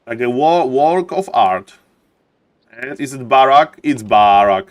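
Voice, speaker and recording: A man's voice: medium pitch, animated, moderate pace, no echo. Non-native male esports caster, showman patter with chat asides; dry, close sound. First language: not English. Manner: showman-like, keeps repeating "ladies and gentlemen"; chatty, greets viewers and jokes with chat. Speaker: streamer and game caster. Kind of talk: live esports commentary.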